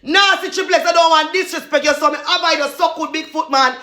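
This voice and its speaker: A Jamaican woman in a loud, repetitive, cursing rant, laughing between insults. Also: very high voice, moderate pace, few pauses, roomy sound.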